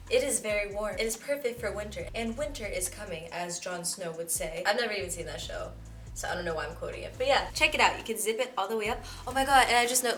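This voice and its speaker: A young woman hosting a casual clothing haul vlog, gushing and excitable, full of slang and calling viewers "bro". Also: fairly high pitch. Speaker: fitness YouTuber.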